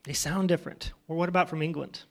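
Teaching kids a Bible story, a man with a high, gravelly voice retells events conversationally in his own phrasing and keeps turning to them with questions. He talks fast with fairly even intonation.

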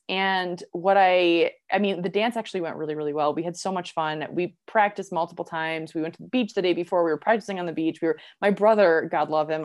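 A young woman chatting casually, her voice sitting a little low for a woman. She tells stories in a lively, rambling way, sprinkling in "like" and laughing often. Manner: animated, many "like" fillers, laughs while telling. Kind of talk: casual chat, storytelling.

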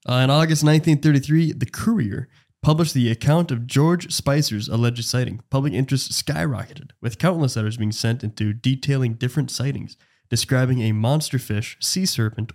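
A young man co-hosting a casual podcast who reads notes aloud haltingly and restarts his sentences. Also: medium pitch, a little mellow. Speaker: podcast co-host.

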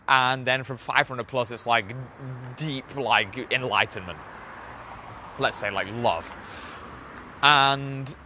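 A young man with a bright, sharp-edged voice talks through a casual podcast monologue. His delivery is loose and rambling, thick with filler words and swearing, at an ordinary mid pitch. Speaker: podcast host.

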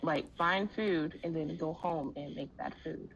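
A woman co-hosting a podcast in casual chat, calm, dry and amused. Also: low voice, unhurried, gravelly, highs cut off, noisy background. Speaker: podcast co-host.

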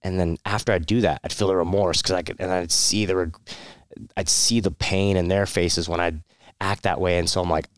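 This military veteran tells his personal story candidly and in a meandering way, full of fillers, restarts and brief laughs. His voice sits low with a steady tone and a brisk pace, captured as a dry, clean studio recording.

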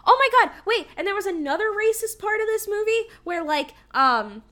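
A young woman with a high, bright-sitting voice chats on a podcast. She talks in an animated way, swears freely and often breaks into laughter. The tone is loose and conversational. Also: normal speed. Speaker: podcast co-host. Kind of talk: casual chat.

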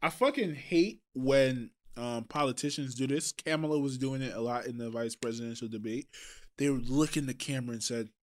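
A man from Trinidad co-hosting a casual podcast, talking in an animated way with swearing and quick asides. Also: mid-range voice. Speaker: podcast co-host.

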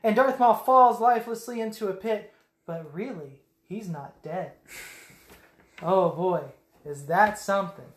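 A woman's voice: medium pitch, a little slow, roomy sound. A woman casually recapping a film on a podcast, swearing often and acting out scenes with silly voices and sound effects. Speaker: podcast co-host.

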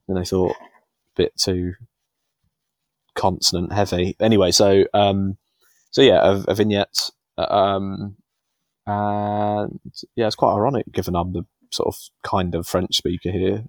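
Casual podcast co-host: a man in his thirties, deep-voiced and rambling, with a dry close sound. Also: flat delivery, unhurried, pauses often, no echo. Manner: rambling, chuckling, self-deprecating.

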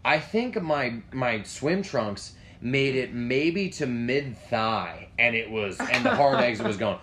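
A man telling a story in casual chat, animated and profane, jumping into a high yelp when he acts out his own panicked lines. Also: slow, crowd noise.

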